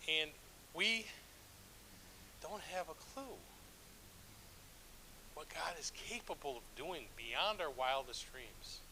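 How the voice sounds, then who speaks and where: A middle-aged man serving as a church elder preaches in a relaxed, self-deprecating way, often restarting his sentences. His voice is bright and forceful and sits a bit high. A faint hiss runs under the recording. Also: takes it slowly, long pauses, low-quality recording. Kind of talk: sermon with storytelling.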